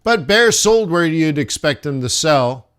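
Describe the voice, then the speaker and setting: Slowly thinking through his charts, a man comments on a live forex trading stream and calls the audience "guys." The voice is fairly high, expressive, smooth, and fairly bright.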